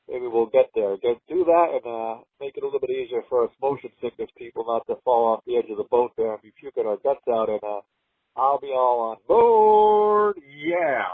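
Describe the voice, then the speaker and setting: Fast-talking man on a tinny phone line. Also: mid-range voice, fairly even intonation, no room sound. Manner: rambling, upbeat, lots of fillers. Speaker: podcast co-host calling in. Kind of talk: casual chat. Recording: phone-quality line, dry.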